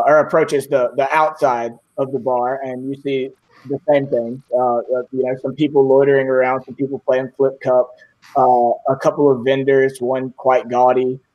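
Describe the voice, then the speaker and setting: A man's voice: medium pitch, a little mellow, dull audio. A man narrating as game master of a tabletop game, rambling with many fillers.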